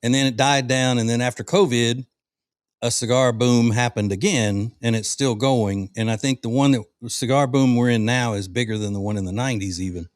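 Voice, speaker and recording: A man's voice: medium pitch, steady tone, a little fast, no room sound, studio quality. A middle-aged man from the South, hosting a casual cigar-smoking podcast chat in a rambling, folksy way with fillers and restarts. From American South. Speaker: podcast host.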